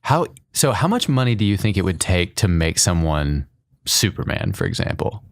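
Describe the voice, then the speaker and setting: A man with a very deep voice hosts a podcast, tossing out playful, jokey questions in easy conversation. The recording is close and dry. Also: big pitch swings, moderate pace, no room sound. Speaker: podcast host. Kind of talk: casual interview chat.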